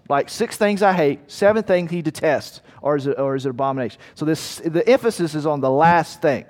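A man's voice: on the high side, moderate pace, a little mellow, in a large hall. A man preaching a sermon in a conversational way, asking his listeners rhetorical questions. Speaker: pastor.

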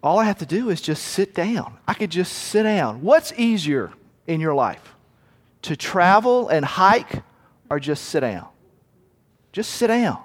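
An earnest male pastor delivers a storytelling sermon, often restarting his phrases. His voice sits a little high for a man. The recording carries the long reverb of a church hall.

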